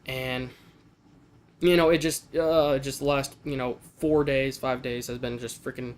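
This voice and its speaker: A man's voice: medium pitch, fairly even intonation, measured pace. A young man venting in a casual vlog, talking in a frustrated way with frequent restarts and stumbles. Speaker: vlogger.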